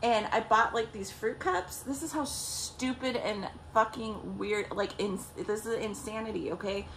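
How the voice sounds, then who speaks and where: A woman's voice: a little high, a little slow, a little hiss or hum. A young woman vlogger telling a story casually, swearing a lot and acting out what people said. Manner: profane, animated, acts out quotes.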